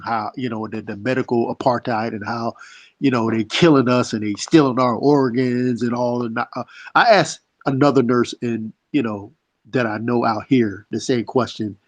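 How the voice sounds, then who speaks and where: A man's voice: mid-range voice, fairly even intonation, moderate pace, no echo. A man asking a question in a casual chat, hesitant and full of fillers. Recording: dry, lo-fi online audio.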